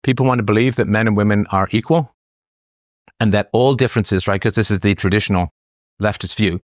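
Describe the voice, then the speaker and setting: A man hosting a solo show, arguing his point in animated, sarcastic commentary with laughing asides. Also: fairly low pitch, brisk, no echo, studio quality. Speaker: host.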